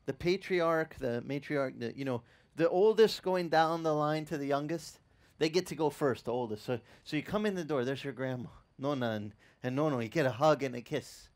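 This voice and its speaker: Male pastor with a voice pitched a bit high, storytelling sermon style, halting and lively. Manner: animated storytelling, acting out quoted voices; halting, with frequent restarts.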